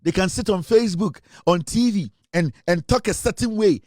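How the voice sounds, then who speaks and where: Ghanaian male host, high-pitched, dry close sound, preachy and emphatic. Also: moderate pace, darkish tone, dry recording. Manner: preachy, emphatic, repeats lines for effect. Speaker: show host. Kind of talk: impassioned commentary mixing English and Twi.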